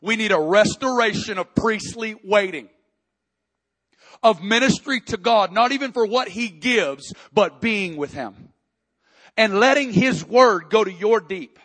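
A man preaching a sermon, reading scripture and building to impassioned, near-shouted prayer. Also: sits high, unhurried. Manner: impassioned preaching, rising to shouts in emotional passages. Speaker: pastor.

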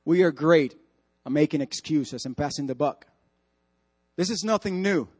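A man's voice: a little high, moderate pace, darkish tone, slightly rough. A male pastor preaching a sermon, emphatic and repetitive, putting direct questions to the congregation in church.

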